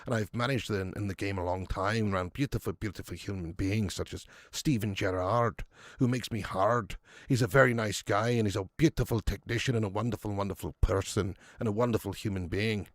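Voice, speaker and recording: A man's voice: lowish voice, brisk, no room sound, studio quality, pitched below the performer's own voice, natural voice. A man putting on the voice of a self-praising football manager who gushes about how beautiful and wonderful everything is. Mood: smarmy. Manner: gushing, repeats "beautiful" and "wonderful".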